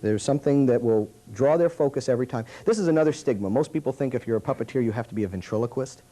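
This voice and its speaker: A man teaching a puppetry workshop in an animated, demonstrative way. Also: medium pitch, quick pace, rough recording.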